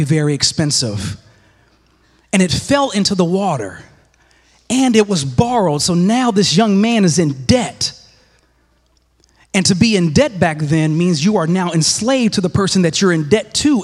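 A man delivering a sermon, his voice sitting a bit high and ringing out with a long church reverb. He presses his points through repetition and sinks into quiet, hushed passages between the louder lines. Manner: emphatic, repeats phrases, drops to hushed lows. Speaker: preacher.

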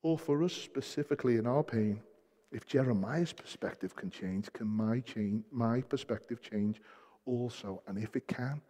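A man's voice: medium pitch, normal speed. Man preaching in a reverberant hall. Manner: swings between soft hushed passages and loud emphatic peaks, repeats key phrases. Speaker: pastor. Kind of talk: sermon.

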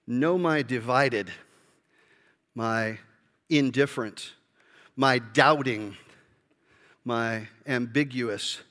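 A man preaching a sermon with passion, rising to loud emphasis and dropping to soft, low asides. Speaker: pastor. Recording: hall reverb.

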